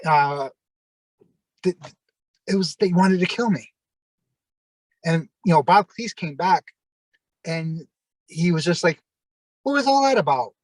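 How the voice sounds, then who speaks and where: Man, middle-aged, former wrestler, anecdotal rambling, mimics quoted people, fairly high voice, video call. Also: no room sound, rough recording. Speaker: interview guest, former pro wrestler. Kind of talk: casual anecdotal storytelling.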